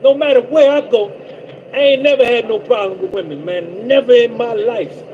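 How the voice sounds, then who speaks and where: Very high-voiced New Jersey man. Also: moderate pace, highs cut off, a little hiss or hum. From North Jersey, USA. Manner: boastful, repetitive, giving shout-outs. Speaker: trucker livestream host. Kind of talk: casual live-stream monologue.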